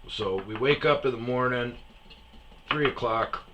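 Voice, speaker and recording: A man's voice: mid-range voice, unhurried, lo-fi sound, noisy background. A man hosting a casual storytelling show, swearing freely and acting out the dialogue. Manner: profane, animated, acts out dialogue. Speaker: storyteller host.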